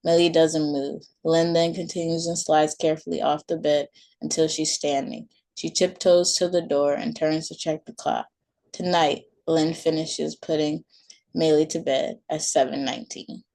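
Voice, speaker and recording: A woman reading her own short story aloud in a calm, soft manner. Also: low voice, moderate pace, vocal fry. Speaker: author and storyteller.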